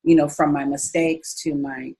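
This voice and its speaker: A woman in her fifties speaks in a low, husky voice. She is telling her story as an interview guest. Her delivery is expressive, and she leaps up in pitch whenever she quotes her own thoughts. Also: normal speed, poor audio. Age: 50s. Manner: expressive, jumps up high when quoting herself. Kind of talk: conversational storytelling.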